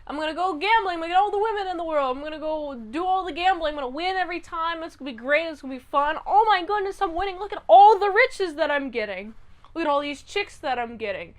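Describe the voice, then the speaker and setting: A woman voicing a greedy, brash male gangster who has died, talking loud and impatient. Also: high-pitched, unhurried, clear, resonant tone. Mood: gleeful.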